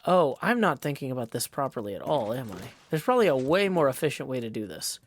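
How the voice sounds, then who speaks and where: A man's voice: medium pitch, very animated, quick pace. A man giving casual gameplay commentary into a desk microphone, thinking aloud, questioning himself and joking playfully. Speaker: Minecraft server player.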